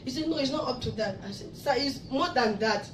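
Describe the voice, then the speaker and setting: A woman from Africa giving an emotional testimony at a church service, her voice rising to loud praise. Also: sits high, a little fast. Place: church hall in Abu Dhabi. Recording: echoey hall, mic far off, noisy.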